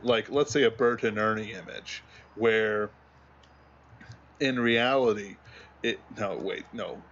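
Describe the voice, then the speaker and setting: A man's voice: fairly low pitch, slow pace, a bit bright, a little hiss or hum. Rambling man on a dull lo-fi mic. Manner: rambling, distracted while searching for memes. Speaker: livestream co-host. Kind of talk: casual chat.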